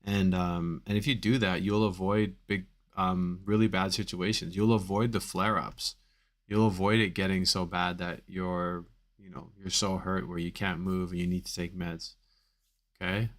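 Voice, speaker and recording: A man's voice: low voice, level tone, moderate pace. A man coaching on back pain in a live Q&A stream, talking casually with many fillers and repeated phrases for emphasis.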